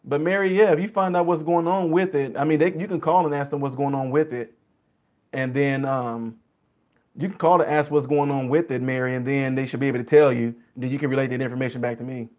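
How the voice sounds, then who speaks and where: A man's voice: medium pitch, fairly even intonation, fairly quick. A man with a Jamaican accent, chatting casually with livestream viewers and answering them by name, on dull lo-fi stream audio. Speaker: livestream host.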